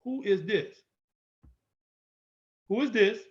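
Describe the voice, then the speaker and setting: A man's voice: sits high, takes it slowly, dull audio. Bold emphatic man lecturing. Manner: emphatic, repetitive, bold and confrontational. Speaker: instructor. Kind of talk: lecture-style video walkthrough.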